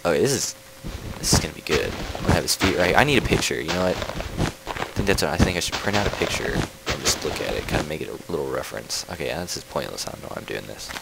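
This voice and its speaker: A man's voice: very deep voice, expressive, fast talker, creaky, heavy background noise. A man casually commenting on his own gameplay, rambling and easily distracted, with playful trash talk aimed at animals in the game. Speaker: let's play host.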